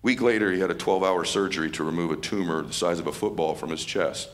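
A middle-aged man giving an emotional stage speech as a motivational speaker, casual and slangy, dropping to a hushed voice in tender moments. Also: low-pitched, quick pace. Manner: casual and slangy, calling people dude and man. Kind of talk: emotional speech to a live audience. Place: stage at a live event.

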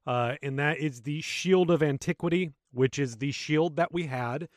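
A man co-hosting a gaming podcast, relaxed and joking as he walks through the gameplay. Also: on the high side, moderate pace, no echo. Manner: relaxed, narrates gameplay, jokes. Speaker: podcast co-host. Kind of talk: casual gaming chat.

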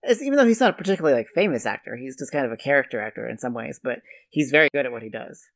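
A man's voice: mid-range voice, lively intonation, very fast, vocal fry, a bit bright. A man co-hosting a podcast, chatting casually about an old film and sometimes acting out lines in voices. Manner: chatty, acts out quotes in put-on voices. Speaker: podcast co-host.

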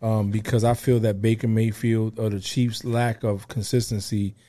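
A man's voice: fairly low pitch, level tone, normal speed, dark tone. A man co-hosting a casual sports chat, laid-back and opinionated about the games. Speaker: podcast co-host.

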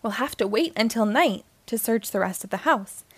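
Storybook cowboy doll, male, calm leader, read by a woman; reassuring tone. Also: fairly high pitch, normal speed, no room sound. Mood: steady. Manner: reassuring, takes charge.

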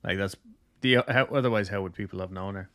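A man's voice: low-pitched, fast. A man hosting a podcast, casually telling a ghost story with lots of jokes and filler words. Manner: loose, jokey, heavy use of "like".

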